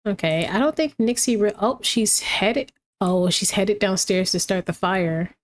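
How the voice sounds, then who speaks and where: A woman's voice: mid-range voice, unhurried. Woman, game commentary, casual, chatty, reactive, addresses characters directly. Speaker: gameplay commentator.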